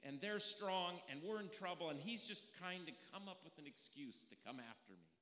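A man's voice: high voice, lively intonation, moderate pace, sharp tone. A preacher putting on a panicked old king. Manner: anxious, fretful. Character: panicked frightened ancient king, man. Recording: echoey hall with long reverb.

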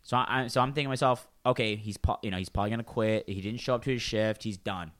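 A man's voice: on the low side, fast talker. A man in casual chat, telling a long work story with lots of acted-out quotes and swearing. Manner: animated storytelling, swears freely, acts out coworkers' lines.

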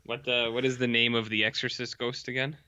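A man's voice: mid-range voice, flat delivery, fairly quick, sharp tone, clean tone, dull audio. A tired man co-hosting a podcast, chatting casually and telling anecdotes with quoted voices. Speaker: podcast co-host. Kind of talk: casual chat.

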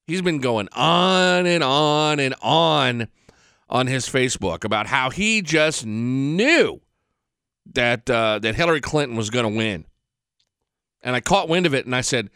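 Sarcastic male host, mid-pitched, gleeful and mocking, dead-dry recording. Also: animated, measured pace, creaky, fairly bright tone, no room sound. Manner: profane, rambling with restarts. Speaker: political commentary host. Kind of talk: opinionated monologue.

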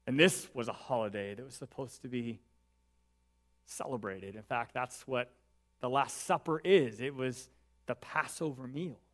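A pastor preaching a sermon and reading scripture aloud, earnest and building emphasis, often dropping in "right" as an aside. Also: male voice, mid-range voice, measured pace, fairly bright tone.

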